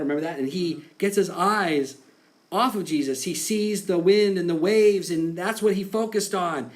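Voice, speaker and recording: Male pastor, casual animated sermon delivery, fairly high voice with lively pitch swings. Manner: conversational, animated, acts out quotes with laughs.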